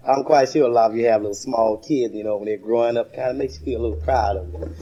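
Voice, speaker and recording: A man's voice: medium pitch, steady tone, fast, mellow, dull audio. A man doing a folksy stand-up comedy routine, telling stories and laughing at his own jokes. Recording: noisy vintage live recording.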